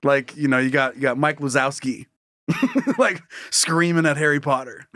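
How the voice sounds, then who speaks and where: A man's voice: on the high side, normal speed, fairly bright tone, a little hiss or hum. A man co-hosting a podcast in casual comedic chat, laughing often and slipping into silly voices. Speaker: podcast co-host.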